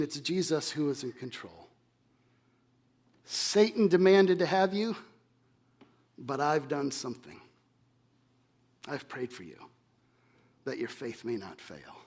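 Male pastor, slightly high voice, preaches with big swings between loud emphasis and quiet. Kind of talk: sermon.

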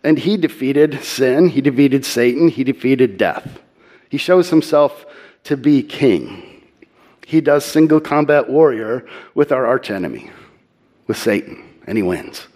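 A man giving earnest sermon-style Bible teaching, slowing and softening his voice for emphasis. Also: medium pitch.

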